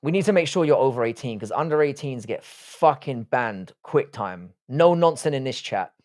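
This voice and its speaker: A man's voice: medium pitch, lively intonation, moderate pace, a little mellow. A man with a Southwest London accent hosting a casual live stream, reading chat and bantering with heavy swearing. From England. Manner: profane, teasing banter.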